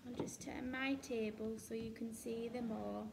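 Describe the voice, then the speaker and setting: A woman's voice: a little high, steady tone, measured pace, gravelly, background noise. A woman teacher with an English accent, giving a recorded phonics lesson to young children and sounding out letters patiently. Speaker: reception class teacher. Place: indoors at a table with a book page.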